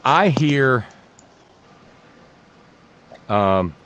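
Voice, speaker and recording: A man hosting a political talk show, speaking in a halting, sarcastic way with many restarts. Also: mid-range voice, animated, fairly bright tone, muffled recording. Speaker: talk radio host.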